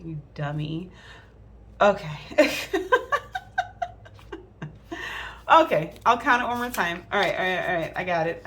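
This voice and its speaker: A woman's voice: medium pitch, creaky, a bit bright, a little hiss or hum. A woman vlogging about her budget at home, chatting casually and counting bills aloud under her breath. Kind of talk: casual chat while counting cash. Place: at home indoors.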